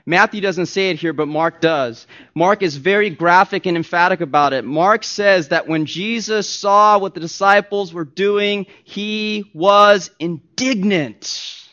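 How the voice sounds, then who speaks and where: A pastor preaching a sermon, emphatic and swinging from soft asides to loud stressed points. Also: male voice, high voice, a little slow, hardly any pauses. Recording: dull lo-fi recording.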